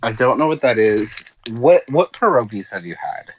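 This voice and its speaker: A man's voice: mid-range voice, sing-song, moderate pace, lo-fi sound. An American man chatting casually on a livestream, rambling with lots of "like" and restarts. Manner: rambling, heavy use of "like" and restarts.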